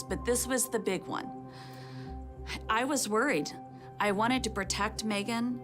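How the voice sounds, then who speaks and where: A middle-aged woman, a mother telling her own story as a personal testimony in a slow, measured way. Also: medium pitch. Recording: music playing underneath.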